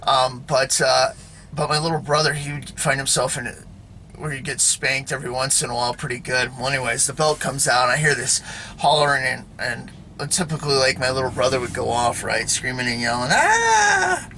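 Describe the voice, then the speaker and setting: Man host, casual monologue; bright-toned, rambles, leans on filler words and "right?" checks with the viewer. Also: medium pitch, little pitch movement, fairly quick, slight background noise. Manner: rambling, full of fillers and tag questions. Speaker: video host.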